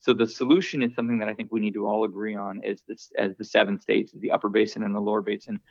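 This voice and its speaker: A male congressman speaking deliberately, repeating words as he makes a policy point. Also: fairly low pitch, level tone, gravelly, dry recording, muffled recording. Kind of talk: public statement.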